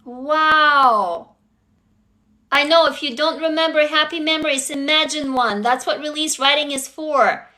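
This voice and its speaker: Her pitch is high, her tone steady, bright and pushed, and she moves at a moderate pace. She's running a relaxed livestream, addressing viewers directly, walking them through writing prompts, and greeting each new arrival with gushing enthusiasm.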